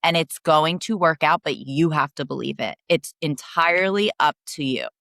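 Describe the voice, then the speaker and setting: A young woman guest on a coaching podcast, earnestly telling a personal story with emotional rushes of speed. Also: low-pitched, creaky, fairly bright tone, no room sound, studio quality.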